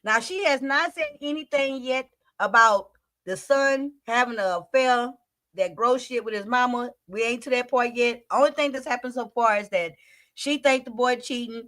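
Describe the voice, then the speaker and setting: A woman's voice: on the high side, moderate pace, fairly bright tone. A woman hosting a storytime video, recapping a clip in blunt, profane, incredulous casual commentary.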